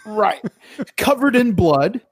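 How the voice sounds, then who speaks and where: A podcast co-host recapping a documentary in casual chat, quick and profane, often correcting themselves. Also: medium pitch, sing-song, no room sound, clean studio sound. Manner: quick, swearing, self-correcting.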